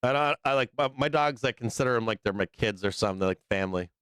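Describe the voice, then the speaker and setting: Brief: male livestream host, excitable and profane, mid-pitched, dry close mic. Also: fast, clear, resonant tone, no echo. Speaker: livestream trading show host. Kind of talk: casual livestream chat.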